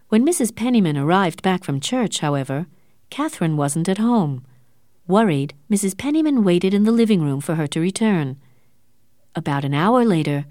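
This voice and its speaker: Lively-voiced woman narrating a story. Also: lowish voice, no echo, clean studio sound. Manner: clear, measured storytelling. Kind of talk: audiobook narration.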